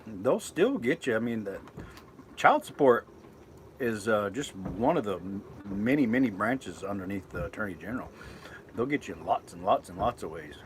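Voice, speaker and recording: A man's voice: fairly low pitch, expressive, moderate pace, a little hiss or hum. Rambling man chatting on a live stream. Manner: rambling, self-correcting, chatty. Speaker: vlogger reading live chat. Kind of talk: casual live-stream chat. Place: inside a boat at anchor.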